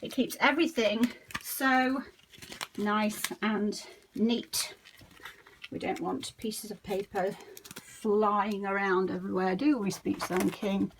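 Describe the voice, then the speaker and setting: A woman's voice: mid-range voice, slow pace, fairly bright tone, a little hiss or hum, rough recording. A woman teacher, chatting her way through a spelling card demonstration, talking to herself as she sorts. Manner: chatty, talks to herself while sorting cards. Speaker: early years teacher. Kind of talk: classroom demonstration.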